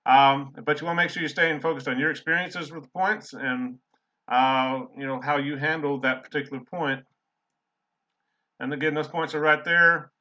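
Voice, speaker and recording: A man's voice: fairly high pitch, steady tone, moderate pace, sharp tone. A middle-aged man, a college English instructor giving a casual, rambling recorded lecture full of fillers. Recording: slightly dull lo-fi audio.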